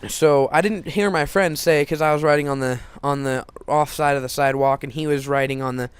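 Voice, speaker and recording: A man's voice: fairly high pitch, fairly even intonation, brisk, clean tone, no room sound. A teenage boy telling a personal story in a casual, rambling way, full of restarts and fillers.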